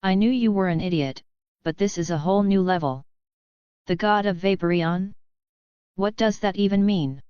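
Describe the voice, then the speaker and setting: A woman voicing an exasperated, sharp-tongued female spirit. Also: mid-range voice, normal speed, pauses often, clear, resonant tone, dry recording, lightly acted. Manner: scolding, exasperated. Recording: dull lo-fi audiobook audio.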